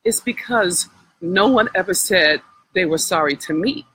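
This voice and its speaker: A woman's voice: lowish voice, expressive, unhurried, fairly bright tone, slightly rough, poor audio. A woman coach giving a heartfelt, preacher-like healing talk on a live stream, speaking directly to her listeners. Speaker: spiritual wealth coach.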